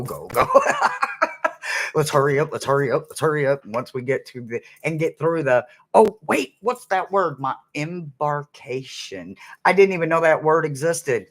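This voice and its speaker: A man's voice: mid-range voice, a bit bright. A man chatting casually to viewers on a livestream, rambling between stories and humming snippets of songs. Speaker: livestream host.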